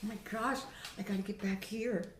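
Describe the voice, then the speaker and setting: A middle-aged woman voice teacher recovering from a sinus infection, chatting and demonstrating pitch with her own voice in a home video lesson. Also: steady tone, moderate pace, a little hiss or hum. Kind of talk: instructional video talk. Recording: roomy home recording.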